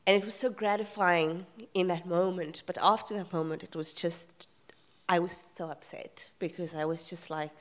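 A woman's voice: fairly low pitch, steady tone. Emotional woman telling a personal story. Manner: candid, emotional storytelling with many pauses and fillers. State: emotional, near tears. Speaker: panel guest, author. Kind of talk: live festival panel discussion. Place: festival event room.

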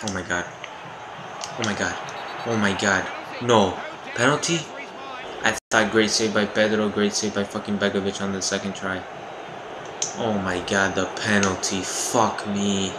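A young man reacts out loud as he plays a football video game, swearing freely and jumping from mutters to shouts. His voice sits fairly low, and a steady hum of noise runs behind him. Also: moderate pace. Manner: excitable, profane, yelling at the game. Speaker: gaming YouTuber. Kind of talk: live gameplay commentary.

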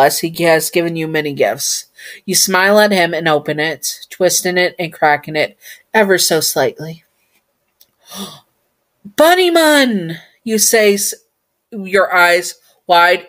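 A chatty woman reading a fan story aloud, casual and playful, often talking to herself. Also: deep voice. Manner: chatty, giggly, talks to herself.

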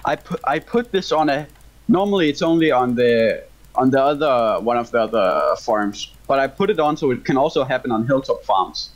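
A young man from Denmark with a Danish accent, chatting and laughing excitably while playing a co-op game with a friend. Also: medium pitch, moderate pace. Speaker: gamer playing co-op. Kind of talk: casual gaming chat.

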